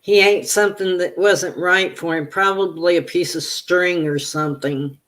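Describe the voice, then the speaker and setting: A woman's voice: on the low side, a bit bright. A woman reading tarot on a livestream, chatting casually with viewers and telling meandering stories. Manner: chatty, reads viewer comments aloud and answers them; slow, meandering storytelling.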